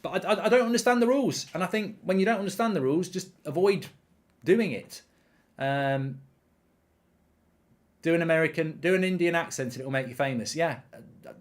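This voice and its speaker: A man hosting a live football watchalong, chatting casually, reading out viewer comments and rambling with repeated words. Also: fairly high pitch.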